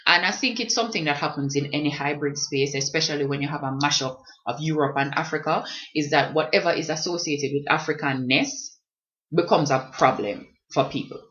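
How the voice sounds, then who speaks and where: A woman's voice: low voice, fairly quick, a bit bright, muffled recording. A woman from Jamaica with a Jamaican accent, talking as a vlogger in an impassioned, emphatic way. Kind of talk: reflective talk on language.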